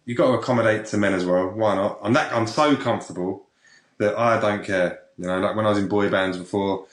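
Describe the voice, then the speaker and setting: A British man, a podcast guest, telling a frank anecdote in a casual, animated way. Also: on the low side, fairly quick, reverberant. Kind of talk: casual storytelling.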